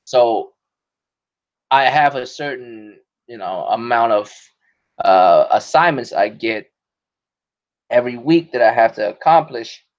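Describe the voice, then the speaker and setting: A man's voice: medium pitch, lively intonation, slow pace, pauses often. A man hosting a casual podcast chat, talking in loose slang with plenty of cursing and frequent laughter. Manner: profane, slangy, laughs often. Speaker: podcast host. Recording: dull lo-fi podcast audio.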